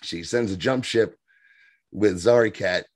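A man's voice: lowish voice, measured pace, no echo, clean studio sound. A man co-hosting a podcast, chatting enthusiastically and often breaking off and restarting his sentences. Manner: enthusiastic, self-interrupting. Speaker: podcast co-host. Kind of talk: casual chat.

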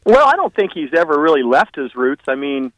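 A man's voice: on the high side, a little fast, no echo, poor audio. Rambling, easygoing male radio guest. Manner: relaxed, rambling, many fillers. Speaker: guest, racing team owner. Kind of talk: casual phone interview.

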